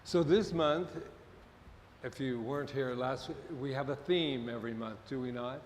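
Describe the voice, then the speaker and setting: A man's voice: mid-range voice, normal speed. A man serving as minister, talking casually and jokingly to his congregation during a Sunday service. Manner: chatty and joking, rambles off-topic. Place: church sanctuary with a congregation. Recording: reverberant hall, faint background noise.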